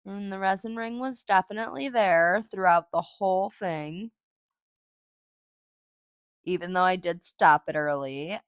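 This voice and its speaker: Female podcast host, low-ish voice, unhurried, loose rambling chat, dry close mic. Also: clear, resonant tone, no echo. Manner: rambling, profane, thinks aloud with fillers and sing-song noises. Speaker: podcast host reviewing cannabis. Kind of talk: casual solo review chat.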